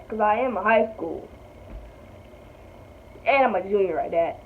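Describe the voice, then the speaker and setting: A young woman vlogger from North Carolina tells a casual storytime, chatty and blunt with plenty of swearing. Her medium-pitched voice is brisk with vocal fry and long pauses. The audio sounds tinny and phone-like, with a faint hiss.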